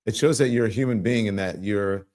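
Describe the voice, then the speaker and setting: A man hosting an interview, asking probing questions gently, often restarting his sentences. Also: lowish voice, brisk. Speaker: interview host.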